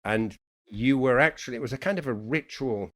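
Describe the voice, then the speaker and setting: A middle-aged man from Yorkshire, England, whose accent mixes Yorkshire, Irish and American, speaks at a medium pitch. As a guest poet in a reflective conversation, he talks in an unhurried, thoughtful way.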